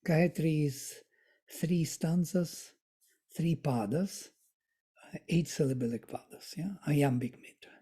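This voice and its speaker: Slow, husky, mellow-voiced teacher. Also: mid-range voice. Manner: recites verses, then glosses them word by word; soft, thoughtful asides with self-corrections. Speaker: study group teacher. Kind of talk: slow explanatory reading and commentary on scripture.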